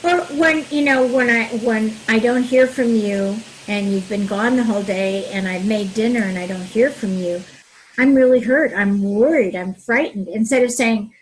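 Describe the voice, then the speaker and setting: Husky-voiced woman coaching on relationships. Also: fairly high pitch, moderate pace, rough recording. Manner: warm, animated, acts out example phrases. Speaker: couples therapist. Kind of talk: casual advice chat.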